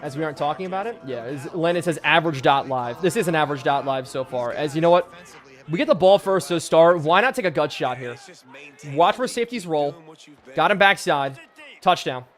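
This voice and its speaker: A hoarse man in his twenties from Pennsylvania, giving hyped live game-stream commentary and chatting with viewers. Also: fairly high pitch, animated, brisk, soft background music. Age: 20s.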